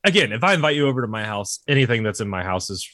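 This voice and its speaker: Animated, chatty man with a dry sound. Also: fairly low pitch, very fast, no echo. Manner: animated storyteller, acts out quoted friends. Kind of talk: casual chat.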